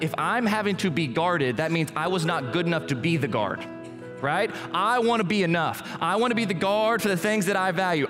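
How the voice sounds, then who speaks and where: A young adult male pastor giving a casual, joking sermon in a church hall. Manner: casual, joking preacher, lively swings in pitch. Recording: echoey church hall with music.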